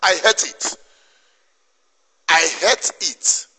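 Drawing out his words in a high, pushed, bright and slightly rough voice, a man with a Nigerian Igbo accent scolds in an impassioned monologue. The activist commentator is emphatic, preachy and repetitive, recorded with long reverb.

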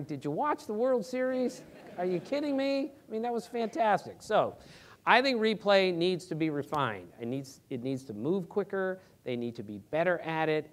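A middle-aged man, a sports reporter, answering audience questions on a theater stage in an animated, earnest way, with emphatic rhetorical questions. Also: on the high side. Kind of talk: live Q&A talk.

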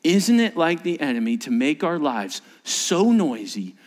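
A male pastor preaching a sermon with animated storytelling, swinging from loud emphasis to hushed asides. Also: fairly high pitch, unhurried.

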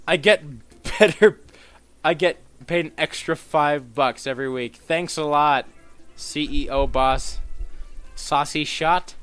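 Male gameplay commentator, fairly high voice, foul-mouthed and melodramatic, ranting. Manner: swearing, mock-outraged rants with sudden shouts.

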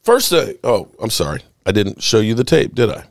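A man's voice: lowish voice, normal speed, gravelly, dry recording, studio quality. A man hosting a sports podcast, ranting indignantly over game clips and repeating his points. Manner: animated, indignant, repeats himself.

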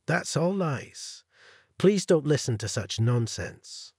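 A man's voice: fairly high pitch, expressive, takes it slowly, darkish tone, breathy edge, no echo, studio quality, exaggerated voice. A man voicing a scheming, defensive boss. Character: defensive, scheming male director.

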